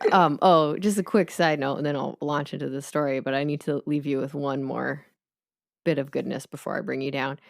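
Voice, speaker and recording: Low-voiced woman with a lisp, dry teasing podcast cohost, super dry close sound. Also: fairly even intonation, brisk, vocal fry, dry recording. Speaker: podcast co-host. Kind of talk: casual chat.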